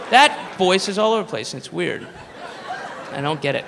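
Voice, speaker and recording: Profane rambling stand-up comedian. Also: male voice, sits high, animated, moderate pace, gravelly, long pauses, a bit bright. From American South. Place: live comedy venue. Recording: live hall reverb with faint noise.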